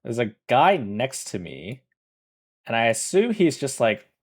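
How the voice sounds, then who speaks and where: A man's voice: mid-range voice, very animated, a little slow. A man chatting casually on a livestream, rambling through a story, correcting himself often and laughing. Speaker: streamer.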